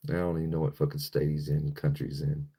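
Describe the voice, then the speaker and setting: A man's voice: a bass voice, completely flat delivery, fast, dark tone, slightly rough. An American man hosting a livestream, ranting angrily and profanely while reading chat. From United States. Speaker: livestream host. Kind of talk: live-stream rant reading chat.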